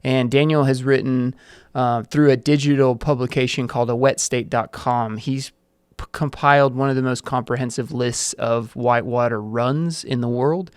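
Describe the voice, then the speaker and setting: Smooth-voiced male podcast host. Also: mid-range voice, steady tone, normal speed, no room sound, studio quality. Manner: loose, friendly questioning with fillers. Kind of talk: casual interview.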